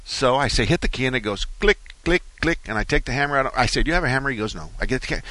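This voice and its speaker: A man's voice: mid-range voice, animated, racing, bright, forceful tone, no room sound. A man hosting a talk radio car show, rambling through folksy stories in a studio. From Arizona. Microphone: studio microphone.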